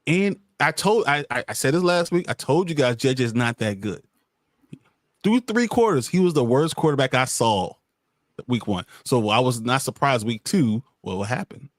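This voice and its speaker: A man's voice: medium pitch, animated, normal speed, dry recording, clean studio sound. A man co-hosting a casual sports podcast, mock-ranting with exaggerated frustration and frequent laughter. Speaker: podcast co-host.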